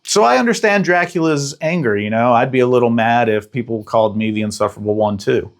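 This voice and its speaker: Dude recapping an old movie, jokey, slangy, does little voices. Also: male voice, mid-range voice. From Texas. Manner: joking and slangy, with quick acted-out voices. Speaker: podcast host and film reviewer. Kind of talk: casual comedic movie recap.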